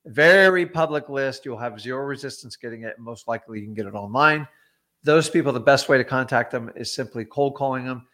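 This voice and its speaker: A middle-aged man hosts a casual livestream lesson on real estate. He talks bluntly and chattily, with plenty of ums and side remarks, at an ordinary pitch. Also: a little fast, pushed and bright. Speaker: real estate investor teaching wholesaling.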